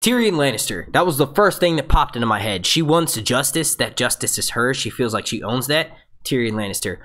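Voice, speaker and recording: A man's voice: mid-range voice, animated, fairly quick, a bit bright. A man hosting a fan review show, rambling through a live question-and-answer breakdown, reading out viewer questions and restarting his sentences. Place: home setup, phone nearby.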